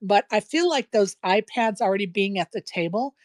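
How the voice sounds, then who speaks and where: A woman hosting a relaxed podcast conversation who talks emphatically, hammering home her points by repeating them. Her voice sits at a middle pitch and sounds dry and close to the mic. She has a case of the hiccups. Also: normal speed, no room sound. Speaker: podcast host. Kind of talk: casual chat.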